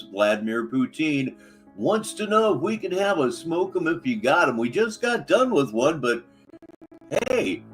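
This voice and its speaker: A man's voice: fairly high pitch, a bit bright. A man hosting a live stream, commenting sarcastically on clips between chats with viewers. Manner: sarcastic, mocking asides. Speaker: livestream host.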